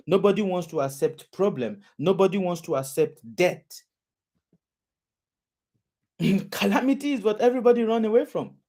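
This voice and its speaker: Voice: mid-range voice, a little mellow. A preacher delivering a sermon, repeating phrases and asking the audience questions again and again.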